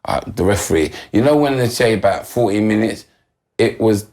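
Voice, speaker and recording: A man's voice: on the low side, lively intonation, normal speed, a little mellow. A middle-aged man, a former footballer guesting on a podcast, telling his story with drama and acting out voices. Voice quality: gravelly, husky. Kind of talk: animated storytelling in casual conversation.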